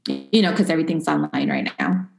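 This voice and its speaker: A woman's voice: deep voice, wildly swooping pitch, fairly quick, vocal fry, darkish tone. A woman in her thirties, a parent, chatting casually about raising her kids and slipping Spanish phrases into her talk. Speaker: parent sharing experience. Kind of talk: casual conversational storytelling. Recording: echoey room.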